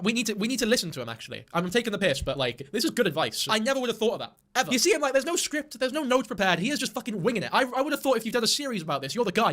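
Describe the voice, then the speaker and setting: A quick man reacting to a video with biting, incredulous sarcasm and plenty of swearing. His voice sits high and bright. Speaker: co-host. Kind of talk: casual reaction commentary.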